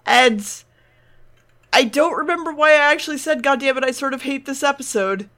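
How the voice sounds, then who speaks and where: A woman's voice: sits high, moderate pace, sharp tone. A woman co-hosting a podcast, chatting casually as she recaps an episode, laughing and swearing now and then. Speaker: podcast co-host.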